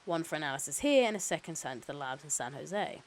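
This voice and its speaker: A woman reading the lines of a calm, careful male hospital doctor who explains things in a measured way. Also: low voice, poor audio. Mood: calm explaining.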